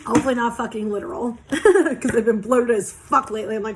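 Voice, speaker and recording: A woman's voice: fairly high pitch, fairly quick, a little hiss or hum. Fiery swearing woman reading tarot cards. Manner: passionate, blunt, heavy swearing. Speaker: tarot reader. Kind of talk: casual oracle card reading.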